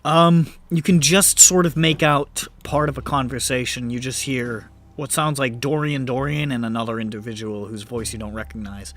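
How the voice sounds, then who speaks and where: A man's voice: medium pitch, steady tone, normal speed, hardly any pauses, fairly bright tone. A man narrating a tabletop game as game master, vivid and descriptive with laughing asides.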